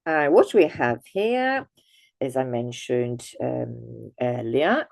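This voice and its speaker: A woman teaching an online language lesson, explaining slowly with many fillers and restarts, and exaggerating intonation for learners. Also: a bass voice, lively intonation, creaky, a little mellow, no echo.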